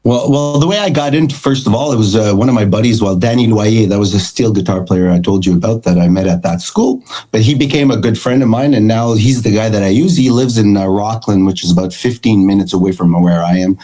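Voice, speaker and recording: Animated storytelling middle-aged man. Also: lowish voice, brisk, rough recording. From Canada. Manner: animated, acts out quoted dialogue. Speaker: guest, country guitarist. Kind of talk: storytelling interview chat.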